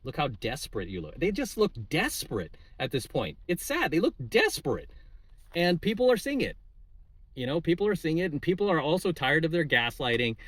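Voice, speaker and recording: A man's voice: on the high side, big pitch swings, normal speed, a bit bright, no room sound. Indignant man ranting, dry close sound. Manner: indignant, repeats "right?" and fills with "uh" and "like". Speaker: channel host giving coaching videos. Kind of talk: casual political rant to camera.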